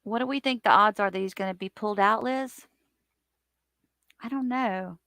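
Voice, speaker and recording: A woman hosting a casual live stream, chatting and greeting her viewers by name in an animated way. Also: normal speed, no echo, clean studio sound. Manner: animated, lively swings in pitch and loudness.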